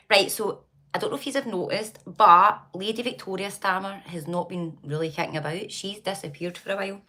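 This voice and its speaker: A woman's voice: medium pitch, fairly even intonation, moderate pace, pushed and bright. A Scottish woman hosting a casual livestream, chatting and gossiping with viewers, greeting them by name and laughing often. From Scotland. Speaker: livestream host reading comments. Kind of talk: casual live chat.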